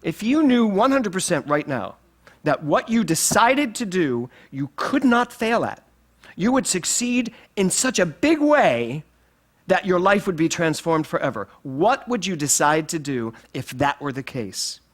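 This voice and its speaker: Animated, playful male minister preaching. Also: high-pitched, unhurried. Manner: animated, playful, laughs through his points. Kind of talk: sermon. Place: spiritual center sanctuary.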